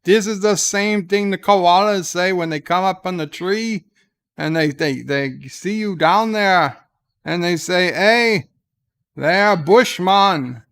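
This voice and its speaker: A man's voice: high-pitched, slow pace, a bit bright, smooth, exaggerated voice. A man voicing a rambling outback Australian storyteller, spinning tall tales in an exaggerated mock Australian accent.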